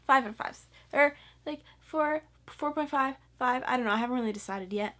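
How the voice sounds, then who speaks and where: A woman's voice: sits high, fairly quick, sharp tone. A teenage girl chatting in a casual, gushing way about books she read, with lots of "like" fillers. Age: teen. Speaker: book vlogger. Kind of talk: casual book review vlog.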